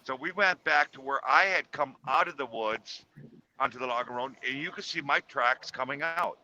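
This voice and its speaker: A man's voice: mid-range voice, normal speed, sharp tone, muffled recording, slight background noise. A man casually telling a personal story in a chat, rambling with fillers and restarts.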